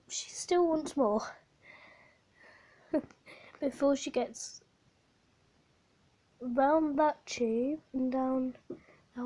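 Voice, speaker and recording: A woman's voice: high-pitched, mellow, slightly rough. A woman vlogging with her pet hamster while unwell and short of breath, often dropping to a whisper and cooing at her pet. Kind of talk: casual vlog, talking to her hamster.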